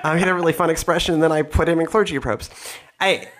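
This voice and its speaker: Chatty, rambling man with a high voice. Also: fast talker, fairly bright tone. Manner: self-deprecating, rambling with restarts and asides. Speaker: podcast host and pastor. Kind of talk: casual podcast conversation.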